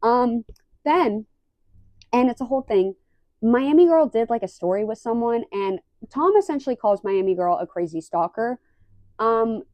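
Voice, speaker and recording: A woman's voice: on the high side, no room sound. Chatty young woman recapping reality TV. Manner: animated, acts out quoted lines loudly. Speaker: recap vlogger.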